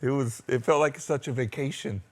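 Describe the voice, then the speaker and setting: A man's voice: mid-range voice, fairly quick. An American man in a band, telling his story in a rambling, open way during a casual interview. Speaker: band member.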